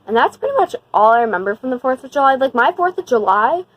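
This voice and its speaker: A young woman telling a storytime on her vlog in a slangy, rambling way full of "like", animated and emphatic. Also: high-pitched, quick pace, no room sound, highs cut off. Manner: slangy, rambling, heavy use of "like"; animated and emphatic when retelling the scary part. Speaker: vlogger. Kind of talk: casual storytime.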